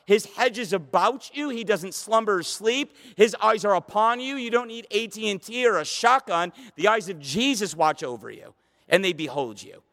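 A pastor delivers a midweek church sermon from the pulpit in a fairly high voice that climbs into emphatic, passionate runs, then eases back into casual conversational asides. His intonation is lively, his tone sharp, and his pace normal. A long hall reverb carries the sound.

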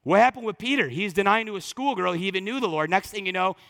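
A pastor preaching to his congregation, swinging from loud emphatic lines to hushed, slow ones. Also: sits high, lively intonation, in a large hall. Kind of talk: sermon.

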